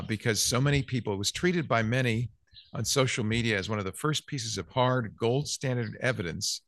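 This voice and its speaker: A man's voice: fairly low pitch, fairly bright tone, dry recording, clean studio sound. A man hosting a casual tech news chat, reading out news quotes with jokey asides. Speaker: podcast host.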